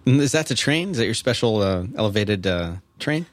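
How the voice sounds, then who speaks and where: A man's voice: lowish voice, animated, brisk. A man in casual chat, easygoing and asking teasing questions. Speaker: podcast co-host.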